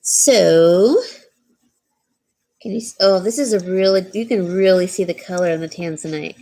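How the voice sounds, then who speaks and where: A woman's voice: normal speed, warm tone. A woman hosting a live jewelry sale, chatting casually and answering viewer comments. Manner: coos in a high baby voice to her dog. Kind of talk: casual live-stream sales chat.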